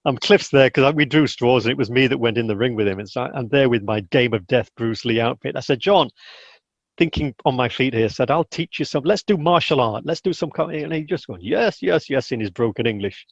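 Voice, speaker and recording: A man with a mid-range voice talks fast with hardly any pauses on a dull, lo-fi, dry recording. Being interviewed as a guest, he tells stories casually, acts out the people he quotes with animation, and often restarts his sentences.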